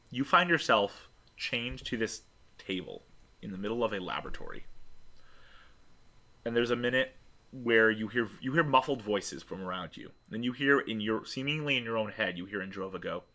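A man's voice: fairly low pitch, pushed and bright. A man narrating a tabletop game as game master, descriptive and restarting often.

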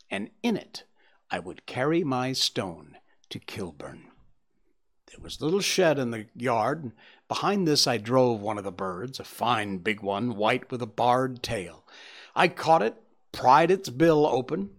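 A man's voice: medium pitch, sing-song, measured pace. A man playing a desperate, frightened man confessing how he stole, in an audiobook reading. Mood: anxious. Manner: agitated, pleading storytelling.

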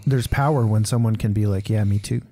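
Rambling, candid man with a mellow voice. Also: lowish voice, brisk. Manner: candid and rambling, heavy with fillers like "dude" and "man". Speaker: podcast co-host. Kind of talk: casual faith conversation.

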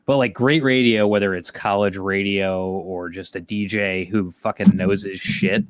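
A man's voice: sits low, fairly even intonation, moderate pace, no room sound. A middle-aged man from the Detroit area chatting casually as a podcast host, rambling and swearing offhandedly. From Detroit area, Michigan. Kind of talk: casual chat.

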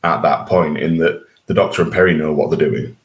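A man's voice: very deep voice, fairly even intonation, a little fast. A man co-hosting a podcast in casual chat, jokey and self-deprecating. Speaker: podcast co-host.

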